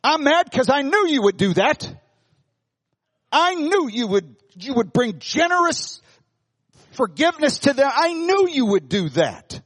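A preacher putting on an indignant, sulking prophet in a high, complaining voice that swings up and down. The sound carries a long hall reverb. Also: male voice, sing-song, unhurried, a bit bright, heavily acted. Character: angry sulking male prophet.

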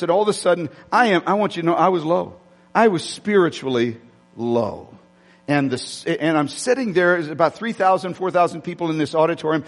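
A male pastor preaching a sermon, telling a personal story with many restarts and speaking directly to his congregation. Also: a little high. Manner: rambling, frequent restarts, addresses congregation directly. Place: church sanctuary. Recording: long hall reverb.

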